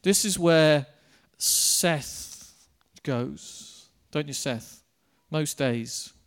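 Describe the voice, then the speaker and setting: A man preaching a sermon, telling a personal anecdote in a lively way and addressing the congregation directly. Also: a little high, very slow.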